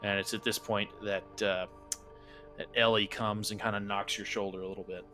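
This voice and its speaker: A man narrating as game master in a relaxed, rambling way with many fillers. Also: lowish voice, moderate pace, soft background music.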